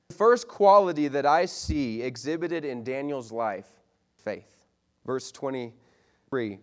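Animated young male youth pastor preaching. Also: on the high side. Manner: animated storytelling with voiced quotes, then playful banter. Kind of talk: youth group sermon.

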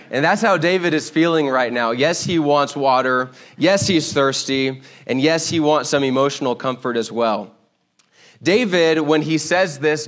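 A man preaching a sermon, telling a Bible story with lively acted-out voices. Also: mid-range voice. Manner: animated storytelling, acts out voices. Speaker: pastor.

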